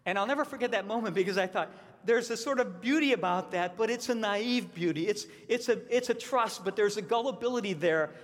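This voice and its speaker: A man's voice: sits high, a little fast. A man preaching a sermon as a pastor, earnest and emphatic, repeating his key points. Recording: long reverb of a large hall.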